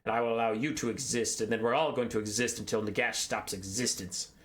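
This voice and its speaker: A man's voice: on the low side, steady tone, fast, a bit bright, lightly acted. A man voicing a smug, flippant male vampire lord in a casual spoken retelling, in a mocking, offhand manner.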